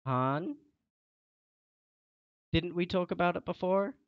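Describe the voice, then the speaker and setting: Young guy streaming games, fairly high voice, dry and kinda dull lo-fi sound, scolds his teammate. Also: slow pace, no echo. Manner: scolding, lecturing a teammate, voice rising. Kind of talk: casual game stream chat.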